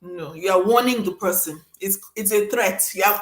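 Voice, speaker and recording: A woman from Nigeria hosting a casual chat, telling stories in an animated, exclamatory way. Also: mid-range voice, moderate pace, reverberant. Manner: animated, exclamatory storytelling with laughs. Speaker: host.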